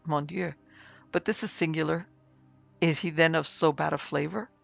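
A man doing an excitable young gentleman. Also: on the high side, moderate pace, vocal fry, heavily acted. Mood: curious. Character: excitable young Frenchman, companion to the investigator. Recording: slightly muffled with soft music.

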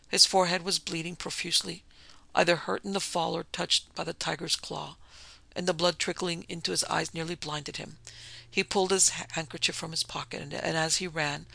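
Bright, gravelly male story narrator. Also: on the high side, no room sound. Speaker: audiobook narrator.

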